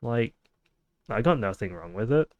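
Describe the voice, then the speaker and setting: A young man talks loosely as a podcast host, full of fillers and restarts. His voice sits low and comes across smooth and resonant. The sound is dry and close. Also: lively intonation, unhurried, dry recording, phone-quality sound. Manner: rambling, laid-back, many fillers. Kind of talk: casual chat.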